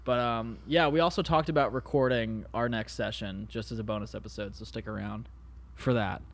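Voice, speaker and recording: A man's voice: medium pitch, steady tone, a little fast. A man co-hosting a casual comedy podcast from his apartment, rambling through jokey stories and cursing casually. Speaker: podcast co-host. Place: home apartment. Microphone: podcast microphone.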